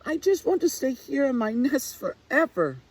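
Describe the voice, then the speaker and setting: A man squeaking as a frightened little owl chick. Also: very animated, moderate pace, breathy edge, recorded from a distance, heavily acted. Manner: squeaky, fearful and whiny. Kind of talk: storybook reading.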